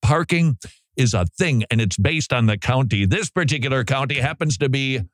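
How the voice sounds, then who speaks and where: A man's voice: mid-range voice, lively intonation, normal speed, no echo, studio quality. A man hosting a radio show, talking in a chatty, joking way and laughing often. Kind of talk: casual radio monologue. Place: radio studio. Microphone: studio microphone.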